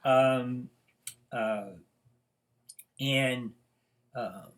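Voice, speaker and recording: Older male professor, mid-pitched, rambling anecdotal lecture full of fillers. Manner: rambling storyteller with many fillers.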